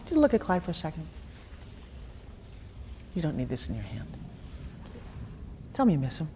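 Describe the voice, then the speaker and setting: A woman coaching a participant live, blunt and profane, pushing hard and often shouting. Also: sits low, wildly swooping pitch, moderate pace. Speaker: transformational coach. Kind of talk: confrontational live coaching session. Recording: echoey hall with faint noise.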